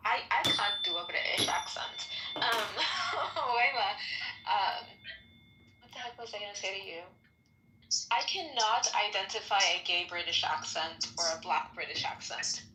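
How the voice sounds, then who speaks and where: A woman in a casual podcast chat, animated and repeating herself as she talks. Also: mid-range voice, unhurried, recorded from a distance. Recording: echoey room, faint music.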